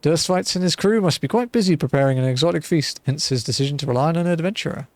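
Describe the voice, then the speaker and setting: A man's voice: a little high, quick pace, no room sound, voice pushed up, lightly acted. A man voicing a blind retired male mercenary turned wine merchant who speaks in a courteous, old-fashioned formal way, reading game dialogue aloud. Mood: genteel.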